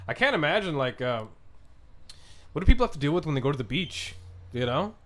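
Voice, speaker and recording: On a podcast livestream, a man reads viewers' chat messages and answers in a relaxed, rambling way, with frequent restarts and casual swearing. He speaks a little fast at medium pitch and pauses often.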